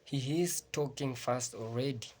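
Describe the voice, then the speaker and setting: A man's voice: medium pitch, measured pace, heavy background noise. Man narrating a reaction video. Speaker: reaction channel host. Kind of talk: scripted voice-over commentary.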